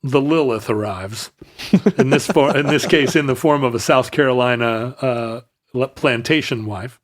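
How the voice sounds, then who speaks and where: A man's voice: medium pitch, normal speed. Rambling male history storyteller. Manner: rambling with restarts and asides. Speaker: podcast host telling a history story. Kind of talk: casual storytelling chat.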